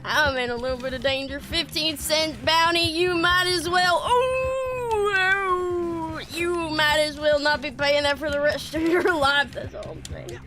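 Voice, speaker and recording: A woman's voice: high-pitched, measured pace, over music. A woman streaming a game in character as a bashful male cowboy outlaw, stammering and rambling with frequent laughs.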